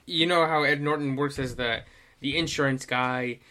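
A man's voice: medium pitch, steady tone, normal speed, bright, forceful tone. A man co-hosting a podcast, rambling casually with profanity and plenty of fillers. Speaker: podcast co-host. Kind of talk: casual chat.

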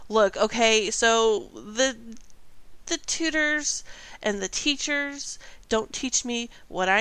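A woman's voice: medium pitch, a bit bright, smooth, no room sound, pitched above the performer's own voice. A woman voicing an eager, impatient young princess who is a student, talking earnestly and a bit flustered.

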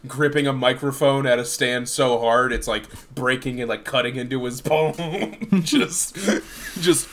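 A man's voice: medium pitch, unhurried, fairly bright tone. Profane, joking male podcast co-host. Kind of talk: casual chat.

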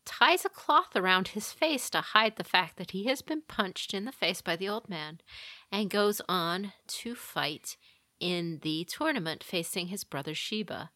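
Woman on a podcast telling an old legend, slow and easygoing, bright voice, dry close sound. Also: medium pitch, dry recording. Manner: unhurried retelling of a legend with small restarts. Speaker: podcast co-host. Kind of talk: casual chat, storytelling.

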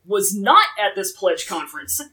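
A woman's voice: medium pitch, normal speed, low-quality recording. A woman co-hosting a podcast, recapping a story in casual chat and jumping into quoted lines. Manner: animated, jumps into character quotes. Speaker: podcast co-host.

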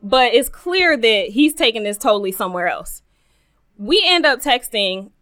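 Young woman, podcast co-host, high-ish bright voice, animated storyteller. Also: moderate pace. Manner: animated storyteller, acts out quoted dialogue. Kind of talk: casual storytelling chat.

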